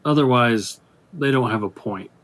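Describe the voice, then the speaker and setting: A man's voice: medium pitch, normal speed. A man on a casual film podcast who makes wry, questioning remarks.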